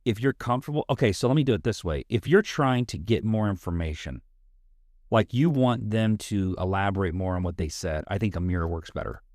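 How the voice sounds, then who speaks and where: A low-pitched man talks through ideas in a reflective, thinking-aloud way, giving plain examples as a counselor on a talk show. The sound is dry and close, with no room echo. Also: brisk, darkish tone. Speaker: family counselor and co-host. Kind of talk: conversational podcast discussion.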